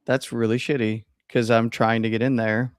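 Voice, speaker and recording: Relaxed man, dry close sound. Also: mid-range voice, moderate pace, no room sound. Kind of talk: casual chat.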